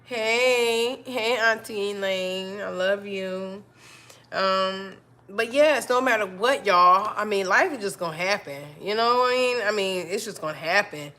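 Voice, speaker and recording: A woman's voice: medium pitch, normal speed, pushed and bright. A woman hosting a live stream, talking casually and encouragingly to her viewers, often repeating herself and calling them y'all. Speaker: livestream host.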